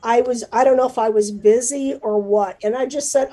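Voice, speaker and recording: A middle-aged woman publisher, chatty and emotional, talking in a livestreamed interview. Her voice is a bit high and mellow, with plenty of fillers. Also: fairly even intonation, normal speed, low-quality recording. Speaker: newspaper publisher, guest.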